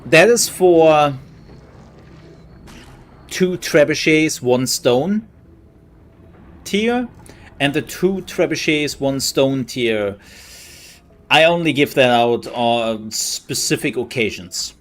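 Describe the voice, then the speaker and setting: A man's voice: medium pitch, slow pace, pauses often, slight background noise. Laid-back man streaming a game. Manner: relaxed, chatty, thanks viewers. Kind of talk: casual gameplay commentary.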